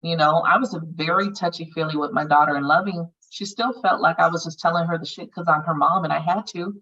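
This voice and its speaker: Her voice low, bright and forceful, a woman runs a healing circle's meditation in loose, earthy speech laced with curses. She keeps a steady tone and a quick pace. The mic picks her up from a distance, giving dull, lo-fi audio.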